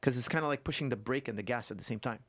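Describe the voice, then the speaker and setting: A man who is a guest coach on a podcast, telling stories and explaining technique in an animated way that repeats points for emphasis. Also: mid-range voice, very fast, no room sound. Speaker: guest martial arts coach. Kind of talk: casual podcast conversation.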